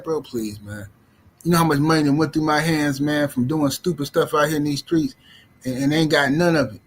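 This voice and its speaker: A middle-aged man hosting a livestream, talking casually in animated, slangy speech and repeating himself. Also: on the high side, brisk, a little hiss or hum. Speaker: livestream host. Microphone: streaming mic.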